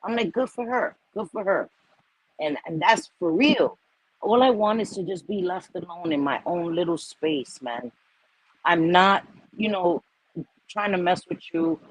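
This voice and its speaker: A woman hosting a casual livestream chat, animated and swearing freely as she acts out what she tells herself. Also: on the low side, a little slow, dry recording, low-quality recording. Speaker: host.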